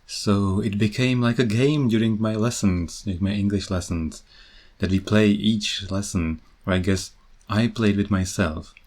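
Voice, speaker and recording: A man's voice: lowish voice, fairly even intonation, measured pace, darkish tone. A Czech man hosting a podcast, talking casually and with amusement about teaching English, laughing often. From Czech Republic. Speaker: podcast host.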